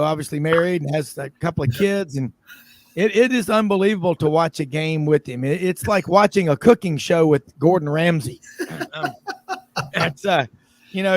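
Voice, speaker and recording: Rambling high-voiced radio host. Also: male voice. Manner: rambling with many fillers. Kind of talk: casual radio talk.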